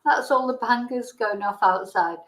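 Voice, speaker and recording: Female livestream host, casual true-crime narration, hesitant and chatty; slightly high pitch, roomy echo. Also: moderate pace. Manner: chatty, hesitant, with ums and restarts.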